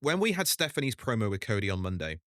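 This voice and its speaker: A man as the guest in a casual wrestling chat, explaining his views in a measured, thoughtful way. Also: lowish voice, very animated, a bit bright, dry recording, clean studio sound. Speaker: guest, actor and wrestling fan.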